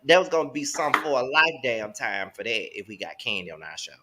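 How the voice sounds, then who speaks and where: Male gossip co-host, bright tone, lively and expressive delivery. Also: mid-range voice, fast. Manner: animated, swings between loud and soft. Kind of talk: casual gossip chat.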